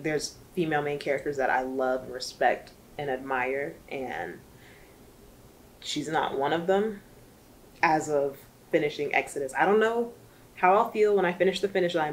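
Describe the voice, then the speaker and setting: A woman's voice: deep voice, normal speed, a little hiss or hum. A woman reviewing a book in casual chat, chatty and emotional, rambling with lots of fillers.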